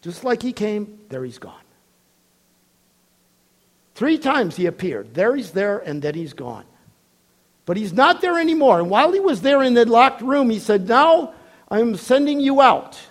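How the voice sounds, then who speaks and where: Male preacher, sermon, high voice, very lively pitch, storytelling with acted-out voices. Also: unhurried, long pauses. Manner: animated storytelling, acting out voices, laughs often.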